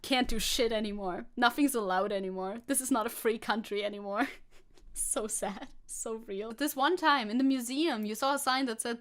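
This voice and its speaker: A woman's voice: medium pitch, moderate pace, a bit bright. A woman streamer giving casual, sarcastic commentary, laughing often and swearing. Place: hot room at home.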